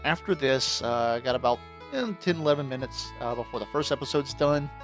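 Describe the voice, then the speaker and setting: Laid-back gravelly-voiced gamer guy. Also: mid-range voice, brisk, soft background music. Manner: casual, joking, swears freely, laughs often. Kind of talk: let's play commentary.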